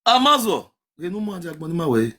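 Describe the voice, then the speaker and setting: A man with a Nigerian accent chatting on a live stream, chanting sing-song calls and swinging between loud shouts and low mutters. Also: big pitch swings, fairly quick. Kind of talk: casual live-stream chat to viewers.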